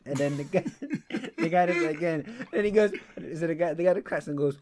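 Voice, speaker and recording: A man's voice: fairly high pitch, sing-song, fast talker, few pauses. A man co-hosting a podcast, telling stories in laid-back slang-filled casual chat. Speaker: podcast co-host.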